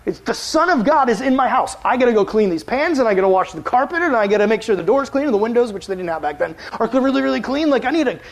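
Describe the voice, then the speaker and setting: A man voicing a frantic woman fussing over housework, talking in a shrill, breathless rush. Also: expressive. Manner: shrill, breathless, rapid complaining. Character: frantic, fussing woman host rushing to clean.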